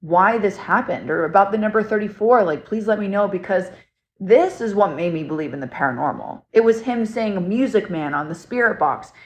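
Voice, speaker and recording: A young woman earnestly telling a personal story to camera in a casual, excitable way, full of fillers. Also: lowish voice. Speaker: paranormal storyteller.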